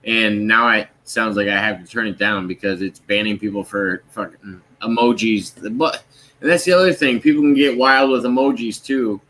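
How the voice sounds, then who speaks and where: A man's voice: lowish voice, moderate pace, pushed and bright, a little hiss or hum. A man co-hosting a casual live-stream chat in an easygoing, curious way. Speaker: co-host.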